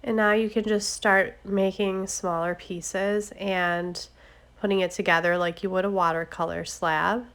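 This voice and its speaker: A woman's voice: mid-range voice, unhurried, smooth. Stuffy-voiced woman hosting a craft tutorial. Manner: relaxed, chatty, with fillers. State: stuffy-nosed from a cold. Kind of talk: casual step-by-step tutorial narration.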